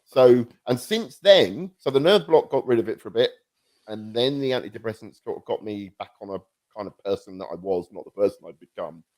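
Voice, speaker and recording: A man's voice: fairly low pitch, lively intonation, brisk, darkish tone. A man co-hosting a casual podcast chat, rambling and self-mocking with frequent restarts, on a podcast microphone. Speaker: podcast co-host. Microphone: new podcast microphone.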